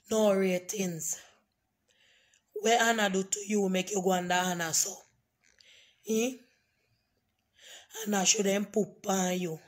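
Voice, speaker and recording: A hoarse woman, scolding and repeating herself emphatically in a ranting vlog. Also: medium pitch, fairly even intonation, takes it slowly, long pauses. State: hoarse, voice nearly gone. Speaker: online commentator.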